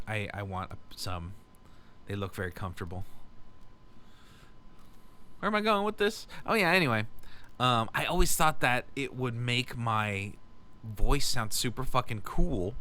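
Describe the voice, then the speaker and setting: Young male solo podcaster, loose and profane, bright and forceful, bad-cable audio from a home garage. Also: mid-range voice. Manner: rambling, profane, self-mocking. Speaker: podcast host. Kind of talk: casual solo podcast monologue.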